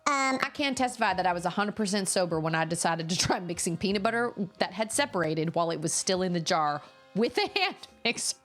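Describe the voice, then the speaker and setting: Animated rambling woman streamer. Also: lowish voice, fast talker, faint music behind. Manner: rambling, animated, many fillers. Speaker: game streamer. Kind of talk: casual chat while gaming.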